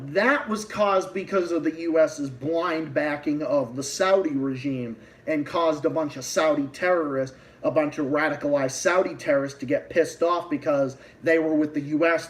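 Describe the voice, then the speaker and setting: A man's voice: a little high, distant mic, low-quality recording. Ranting Boston man, set back from the mic. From Massachusetts. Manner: heated, profane ranting with many restarts. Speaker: livestream host. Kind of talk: political rant on a livestream.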